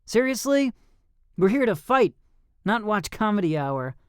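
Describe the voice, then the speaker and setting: A man's voice: sits high, big pitch swings, measured pace, clean tone, dry recording, pitched above the performer's own voice. A man voicing a confident young male combat trainer who coaches with dry teasing.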